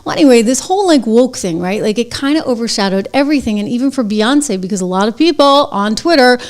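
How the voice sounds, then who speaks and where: A middle-aged woman hosting her own show, delivering brisk, sarcastic, conversational commentary on the news. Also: on the high side, expressive. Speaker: show host. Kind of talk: opinionated commentary.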